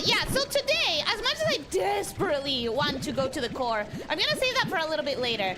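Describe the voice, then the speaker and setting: Bubbly high-voiced woman streaming a game. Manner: bubbly, chatty, talks to chat. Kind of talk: casual game stream chat.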